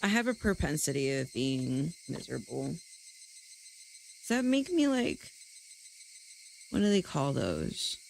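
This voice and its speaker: A woman's voice: sits low, sing-song, a little slow, creaky, long pauses, a little mellow, slight background noise, rough recording. A woman streamer chatting casually with her live audience, rambling and self-deprecating, swearing often. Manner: chats directly to her viewers.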